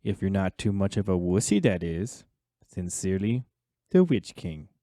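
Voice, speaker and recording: A man voicing a taunting male Witch King villain in a comic radio drama, with a low, slow, mocking drawl. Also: sing-song, mellow, no room sound, studio quality.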